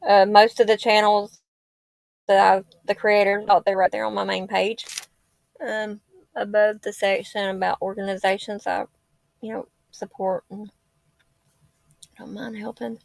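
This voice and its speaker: A woman's voice: mid-range voice, little pitch movement, unhurried, vocal fry, pauses often, no echo. A woman, rambling and heartfelt in a tearful casual livestream chat. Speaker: livestream host. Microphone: laptop or phone mic.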